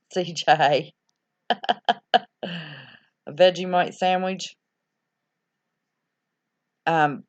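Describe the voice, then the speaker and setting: A woman hosts a casual livestream, rambling and reacting aloud to viewer comments. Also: fairly low pitch. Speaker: livestream host reading viewer chat. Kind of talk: casual live-stream chat. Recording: slightly dull lo-fi sound.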